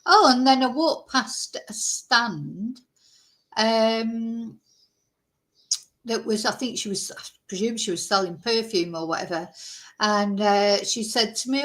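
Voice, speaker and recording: A woman hosting a true crime channel, talking in a rambling, animated way with plenty of asides. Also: mid-range voice. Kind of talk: casual chatty vlog.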